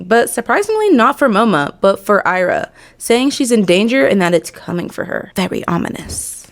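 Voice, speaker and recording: A woman hosting a casual anime recap, chatty and gushing about the story. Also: medium pitch. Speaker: anime video host.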